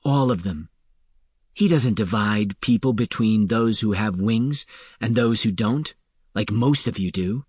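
A man voicing a principled woman who speaks quietly and firmly in an audiobook. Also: on the low side, measured pace, breathy edge, no room sound, clean studio sound. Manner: quiet, firm. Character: firm, principled winged woman healer.

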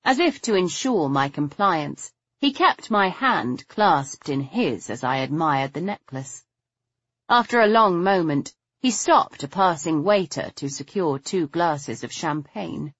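Slow, husky woman narrator. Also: low-pitched, no echo. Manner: measured, expressive reading. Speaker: audiobook narrator. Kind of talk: scripted narration. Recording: slightly dull, dry audio.

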